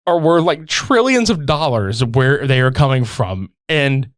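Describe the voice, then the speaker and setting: A man's voice: mid-range voice, animated, a little slow, dry recording, studio quality. A man co-hosting a podcast in loose, profane casual chat, laughing often. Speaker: podcast co-host.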